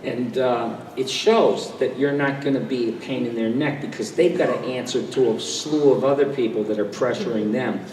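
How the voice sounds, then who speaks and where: An older man with a medium-pitched, fairly even and slightly mellow voice tells stories as a panel guest in a convention hall. He's chatty and self-deprecating, jumping into quick impressions, and the recording is distant and echoey with faint crowd ambience.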